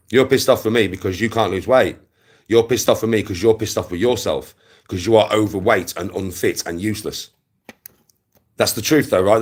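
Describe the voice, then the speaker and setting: A man's voice: fairly low pitch, breathy edge. A young man ranting aggressively to his livestream viewers, swearing and repeating himself. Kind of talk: angry rant to camera.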